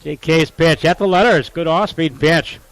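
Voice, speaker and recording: A man calling college baseball play-by-play, steady and informative, lifting his voice sharply on big plays. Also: a little high, normal speed, no room sound, poor audio. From Upper Midwest US. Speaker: play-by-play announcer.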